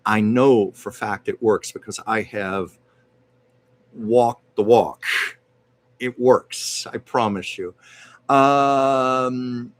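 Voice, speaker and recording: A man with a mid-range voice hosts a casual live stream where he gives card readings. He talks in a measured, reassuring way but hesitates often.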